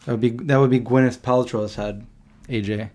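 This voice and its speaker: A man hosting a casual livestream, rambling and reacting to chat comments with quick questions. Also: medium pitch, steady tone, mellow. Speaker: livestream host answering chat.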